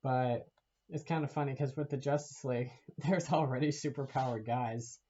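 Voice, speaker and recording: A man's voice: medium pitch, fairly even intonation, normal speed, dark tone, muffled recording. A man giving a casual, rambling movie rant to camera, laughing often and swearing as he talks. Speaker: vlogger.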